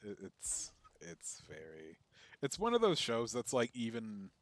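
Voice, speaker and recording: A man's voice: on the low side, huge pitch swings, a little slow. A man chatting casually with friends during a game stream, rambling, cursing and laughing as he tells stories. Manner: profane, laughing, rambling storyteller. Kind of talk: casual chat while gaming.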